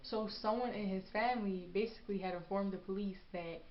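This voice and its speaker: A young woman vlogger telling a storytime story, rambling and animated with lots of fillers, in an echoey room with dull lo-fi sound. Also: mid-range voice, brisk. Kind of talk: storytime vlog.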